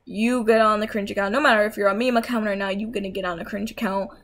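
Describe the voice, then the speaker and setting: A woman's voice: medium pitch, fairly even intonation, fast talker, fairly bright tone. Young woman, tired, rambling casual rant, laptop mic. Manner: rambling, with fillers and self-corrections. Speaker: YouTuber ranting.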